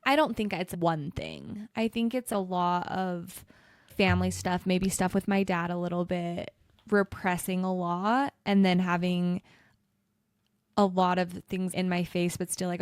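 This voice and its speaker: A woman's voice: on the low side, fairly even intonation, moderate pace, clear, resonant tone, no echo. Candid mother of three, dry sound. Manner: open, emotional, self-deprecating. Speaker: podcast co-host. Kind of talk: candid casual chat.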